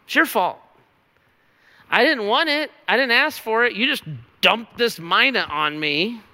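A man's voice: very high-pitched, animated, measured pace, bright, forceful tone, pitched above the performer's own voice, exaggerated voice. A preacher acting out a resentful male servant who blames his master, pleading and self-justifying. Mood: whining. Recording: reverberant hall.

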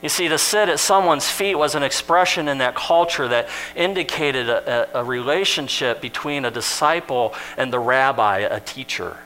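A man's voice: mid-range voice, moderate pace, few pauses, pushed and bright, slight background noise, rough recording. A man preaching a sermon in a conversational, storytelling way, acting out the lines he quotes.

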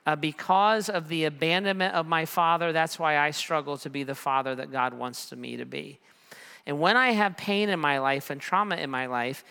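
A man's voice: on the high side, sharp tone, clean tone. A man in his forties preaching a sermon, telling a personal story in a conversational way with self-deprecating humor. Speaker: pastor. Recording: long hall reverb.

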